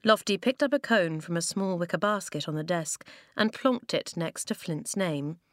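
A woman narrating a children's adventure audiobook in a calm, gently descriptive reading. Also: on the low side, normal speed, no room sound, clean studio sound. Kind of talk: scripted storybook narration.

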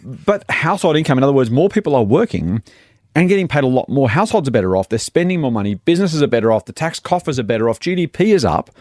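An Australian man chats about the economy as a podcast host, talking fast with lots of rise and fall in his voice. He is blunt and easily exasperated. The studio sound is dry and close. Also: medium pitch, sing-song, a little mellow, no echo. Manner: blunt and exasperated, says "mate". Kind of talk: casual finance chat.

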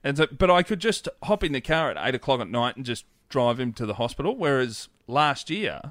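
A man's voice: mid-range voice, brisk, no echo. Swearing man, dry studio. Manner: swearing, animated storyteller. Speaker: comedian. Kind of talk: casual podcast chat.

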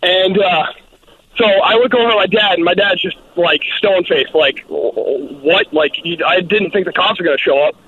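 A man from Massachusetts calling into a radio show, telling a lively story of his youth. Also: high-pitched, a little fast, a little hiss or hum. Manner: animated storyteller. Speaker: caller. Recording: lo-fi phone line.

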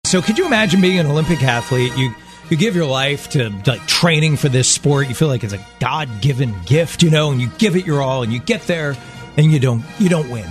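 Lively man radio co-host, somewhat high voice. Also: brisk, soft background music. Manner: animated storyteller, plays out quoted voices. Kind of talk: casual radio chat.

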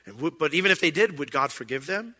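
Bright-voiced male pastor preaching. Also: on the high side, lively intonation, quick pace, big-room sound. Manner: conversational, acts out quoted voices. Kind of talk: sermon.

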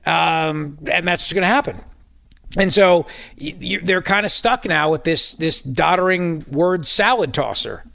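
A man's voice: fairly high pitch, measured pace, creaky, bright, forceful tone, dry recording. A man hosting a talk radio show, mocking and incredulous in playful banter with his co-hosts.

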